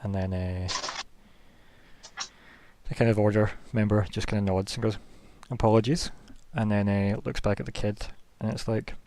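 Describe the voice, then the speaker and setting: A man's voice: lowish voice, little pitch movement, normal speed, pauses often, dark tone. A young man narrating a tabletop game as game master, chatty and rambling with many fillers.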